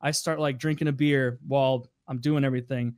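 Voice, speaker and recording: A man's voice: medium pitch, steady tone, brisk, a little mellow, dry recording, studio quality. A man on a podcast, telling casual, profane anecdotes with a wry edge. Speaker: podcast regular. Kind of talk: casual storytelling.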